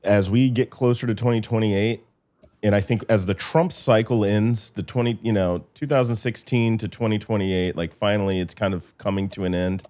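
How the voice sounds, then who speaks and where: A man's voice: lowish voice, steady tone, normal speed, a little mellow. A man hosting a casual political conversation who hedges and thinks aloud.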